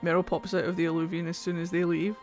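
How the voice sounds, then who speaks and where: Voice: mid-range voice, completely flat delivery, fast talker, faint music behind. A streamer giving casual, playful commentary over a video game, full of jokey asides. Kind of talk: casual let's-play commentary.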